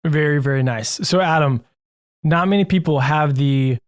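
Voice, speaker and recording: A man's voice: on the high side, moderate pace. A man hosting a podcast interview, upbeat, enthusiastic and jokey. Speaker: podcast host.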